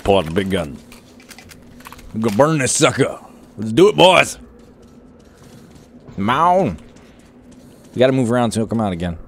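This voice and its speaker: A man hosting a let's play video, joking and shouting at enemies as he plays. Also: on the low side, sing-song, measured pace, long pauses, slight background noise. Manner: jokey and exclamatory, shouting at enemies. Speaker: gaming video host.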